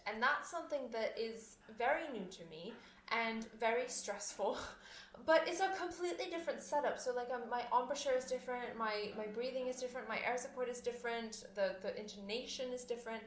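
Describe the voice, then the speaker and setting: Speaking fairly quickly in a higher voice, this young woman, a podcast host who plays the oboe, chats on her own show with frequent laughs, fillers and false starts. The room is echoey and there's a little background noise.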